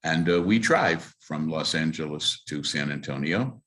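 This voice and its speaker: A man speaking as a rabbi, telling stories to a congregation with lively acted-out dialogue and frequent filler words. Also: rumbling low, a little slow. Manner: animated storyteller who acts out quoted dialogue, with frequent fillers. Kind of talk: storytelling talk to a congregation.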